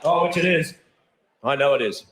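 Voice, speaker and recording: On a club stage, this Australian comic delivers a crude, cocky routine at normal speed in a fairly high-pitched voice. Laughter rings loudly through the echoey venue, and there's a noisy background.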